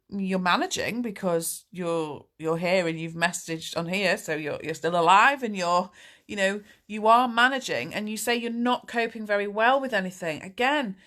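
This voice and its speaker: A woman's voice: mid-range voice, a bit bright. A woman, a life coach answering viewer questions in a candid, chatty, reassuring live Q&A. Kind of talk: live Q&A chat.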